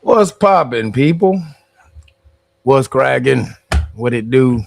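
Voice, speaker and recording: Hoarse, joking man on a livestream. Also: medium pitch, animated, takes it slowly, no room sound. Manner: loose, profane, laughing banter. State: strained voice from screaming. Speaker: livestream host. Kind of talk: casual livestream chat.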